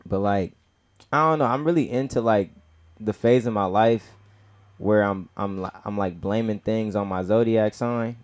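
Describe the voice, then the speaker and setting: A young man of Nigerian heritage doing stand-up at an open mic, rambling in heavy slang with constant "bro" and "you feel me", getting loud and high when acting out stories. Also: moderate pace. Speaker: stand-up comic. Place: comedy club open mic.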